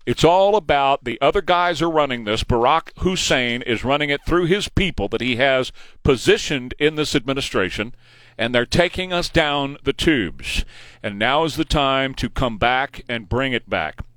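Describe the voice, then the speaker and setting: A man in his forties with a Texan accent hosts a political talk radio show, emphatic and opinionated, repeating points for emphasis. His medium-pitched voice is animated and fairly bright at a moderate pace, recorded on a studio microphone in a radio studio with no room sound.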